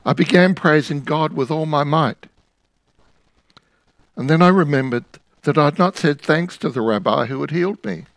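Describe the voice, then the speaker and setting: A preacher voicing a grateful healed leper, gravelly. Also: male voice, on the high side, normal speed, no echo, low-quality recording.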